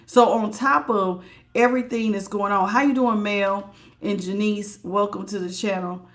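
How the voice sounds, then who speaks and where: A woman's voice: medium pitch, steady tone, moderate pace. Chatty woman giving a live tarot reading. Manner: chatty, greets viewers by name while reading; emphatic, repeats words for stress. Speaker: tarot reader.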